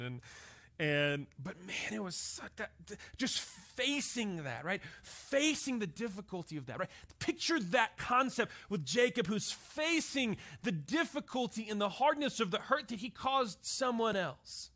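A male pastor delivers his sermon as a string of stories, pausing often to ask "right?" His voice sits a little high and rings bright and forceful. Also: expressive. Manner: storytelling, often asks "right?".

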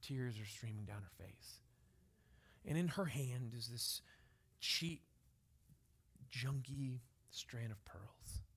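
A man in his thirties preaching a sermon, telling a story softly and then building to loud, emphatic exhortation. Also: medium pitch, slow, creaky, long pauses, husky. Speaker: pastor.

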